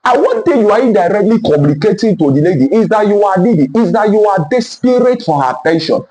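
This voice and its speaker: A man delivers relationship advice in a high voice that swings widely in pitch. He hammers his points home by repeating the same phrasing, and he speaks straight to the listener. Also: a little mellow, low-quality recording. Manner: emphatic and repetitive, lecturing the listener directly. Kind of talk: motivational relationship talk.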